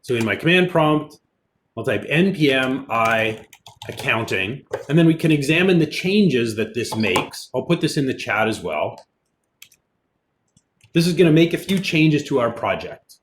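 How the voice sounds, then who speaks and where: A man, a college instructor, giving a relaxed online programming lecture, explaining as he goes with fillers, with keyboard typing in the background. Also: medium pitch, measured pace, slight background noise. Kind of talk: recorded online lecture with screen demo.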